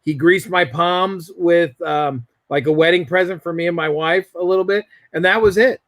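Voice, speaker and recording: A man's voice: high voice, fairly even intonation, normal speed, a bit bright, no echo. A man in a casual chat, telling a family story in a rambling way, with many restarts and fillers. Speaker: guest.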